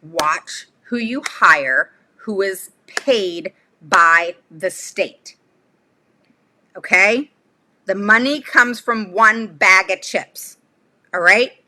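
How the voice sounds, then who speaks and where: Bright, blunt fired-up woman advocate. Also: mid-range voice, extremely slow. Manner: blunt, fired-up, many "okay?" tags; rambling asides and sudden laughs. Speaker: special education advocate and channel host. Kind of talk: casual livestream talk to viewers.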